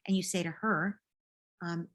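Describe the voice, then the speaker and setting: A woman answering a parent's question as a parenting coach, gently modeling what to say to children. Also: lowish voice, fairly even intonation, unhurried. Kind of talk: advice in a live Q&A.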